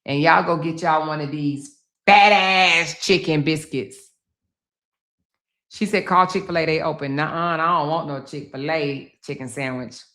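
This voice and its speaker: A woman's voice: low-pitched, unhurried, fairly bright tone. A middle-aged woman hosting a casual livestream, chatty and exclamatory, talking straight to her viewers from home. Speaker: livestream host. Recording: roomy echo.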